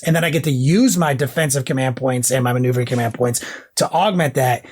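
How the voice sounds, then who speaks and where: A man's voice: mid-range voice, fast talker, breathy edge. A man co-hosting a casual podcast, rambling, swearing and getting hyped. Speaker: podcast co-host.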